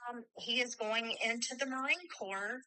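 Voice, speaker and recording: A woman's voice: on the high side, normal speed, sharp tone, clean tone, no echo, rough recording. A middle-aged woman telling stories bluntly in casual conversation. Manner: blunt, storytelling with quoted dialogue.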